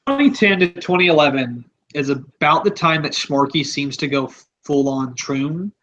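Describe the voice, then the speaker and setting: A man's voice: fairly high pitch, lively intonation, normal speed, a bit bright, highs cut off. A man hosting a podcast, talking in a rambling, offhand, casual way and swearing freely. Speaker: podcast host.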